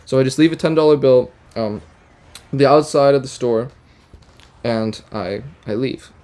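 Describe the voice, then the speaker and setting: A young man casually telling a rambling, deadpan, absurd story full of fillers and restarts. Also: mid-range voice, unhurried. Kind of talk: casual storytime while gaming.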